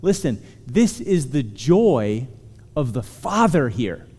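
Guy preaching, earnest, leans on words, warm low tone, big echoey room. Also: very animated, husky. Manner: earnest, emphatic, slows on key words. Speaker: pastor. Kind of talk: sermon. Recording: long hall reverb.

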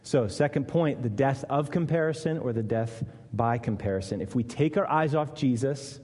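A man preaching a sermon, earnest, dropping low and quiet for weight and rising to voice the people in his text. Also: moderate pace, husky. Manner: earnest, dips low and quiet for weight, lifts up to voice Jesus and Peter. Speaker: pastor. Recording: long reverb of a church hall.

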